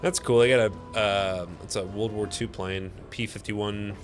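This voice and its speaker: Faint music sits behind a tired gameplay streamer whose voice is lowish, steady and unhurried. He comments casually in a laid-back, sleepy way, laughing easily and swearing.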